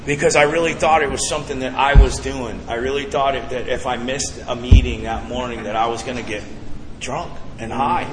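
A man sharing his recovery story with a live audience, animated and profane, talking straight to the crowd. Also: mid-range voice, background noise. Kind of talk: personal testimony to a live audience. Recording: reverberant hall with audience.

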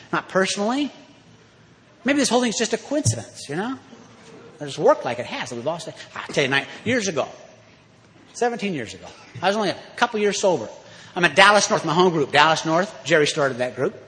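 A man giving a folksy, emphatic recovery talk to an audience, sometimes rising to loud exhortation. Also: high voice, big pitch swings, brisk. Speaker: recovery speaker. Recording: hall reverb.

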